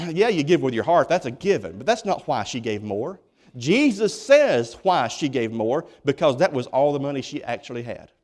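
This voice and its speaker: A man's voice: mid-range voice, very animated, normal speed, darkish tone. A man preaching a sermon as pastor, folksy and emphatic, often restarting his words. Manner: folksy, emphatic preaching with many repeated starts. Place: church.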